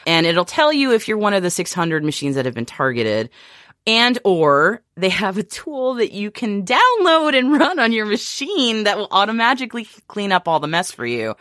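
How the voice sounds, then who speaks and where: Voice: mid-range voice, sing-song, normal speed, fairly bright tone, dry recording, studio quality. An American podcast co-host in a casual tech-news chat, talking with frequent restarts and laughs. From United States. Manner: chatty, laughs often, many restarts.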